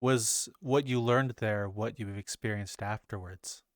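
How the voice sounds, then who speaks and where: A man hosting a podcast, asking relaxed, curious interview questions. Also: lowish voice, unhurried, no echo, studio quality. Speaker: podcast host.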